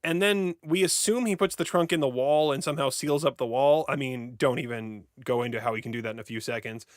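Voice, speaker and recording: A man co-hosting a casual podcast, joking and sarcastic as he rushes through a summary. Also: medium pitch, no room sound, clean studio sound. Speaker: podcast co-host.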